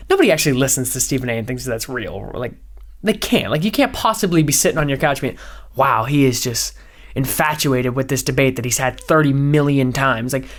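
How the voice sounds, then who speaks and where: High-energy young man ranting on a podcast. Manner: high-energy, rambling, lots of "like". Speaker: podcast host, former radio DJ. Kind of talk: casual solo podcast rant.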